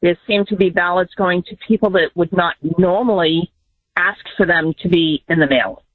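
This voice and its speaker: A woman's voice: on the low side, normal speed. A woman calling a radio show as a letter carrier, speaking earnestly with some hesitation. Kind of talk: call-in radio caller. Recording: phone line.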